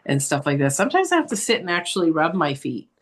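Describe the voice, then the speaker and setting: A woman co-hosting a podcast, talking calmly and thoughtfully in casual chat. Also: fairly low pitch, quick pace, slightly rough. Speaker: podcast co-host.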